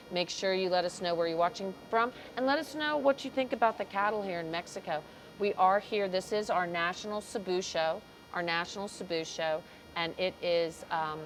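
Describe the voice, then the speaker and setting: A woman with a fairly low voice commentates a livestream of a cattle show in an arena, chatting, greeting viewers, and tripping over names. The recording is rough.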